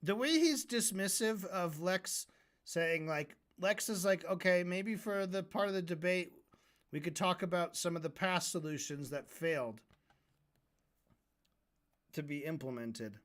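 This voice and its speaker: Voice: medium pitch, unhurried. A streamer reacting to a debate, ranting and mocking in a profane voice.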